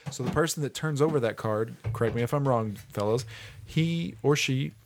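A man's voice: mid-range voice, fast, slight background noise. A man hosting a casual podcast, joking around, laughing often and swearing casually. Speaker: podcast host. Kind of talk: casual chat.

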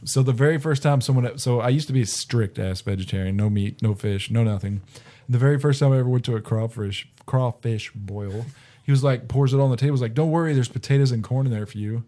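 A man in his thirties with a mellow, darkish voice, telling stories in a casual beer chat. He's animated, laughing and acting out the people in his anecdotes. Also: medium pitch, fast. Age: 30s.

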